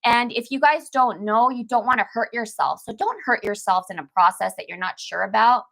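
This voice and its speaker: Brisk and creaky, her slightly high voice has a bit of brightness. She's a detox coach chatting casually to live-stream viewers, emphatic and repetitive, calling them "baby" and "girl."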